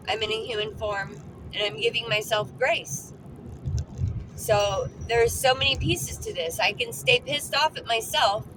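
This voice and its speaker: A woman talking heartfelt and earnest in a personal vlog while driving, repeating words for emphasis. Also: on the high side. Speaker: vlogger. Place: in a car, driving. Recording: phone recording with clear car noise. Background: car and road noise.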